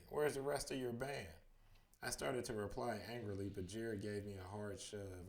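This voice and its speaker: Man reading a bedtime story. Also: fairly low pitch. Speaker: storybook reader.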